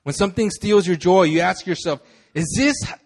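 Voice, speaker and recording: A man's voice: sits high, fairly quick. A young man preaching a sermon, telling a personal story with many fillers and repeated words. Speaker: pastor.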